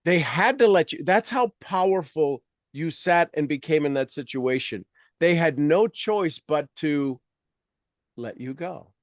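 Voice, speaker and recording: A man's voice: on the high side, animated, unhurried, no room sound. A man hosting a coaching conversation, emphatic and repetitive as he drives his points home. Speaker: leadership coach and host.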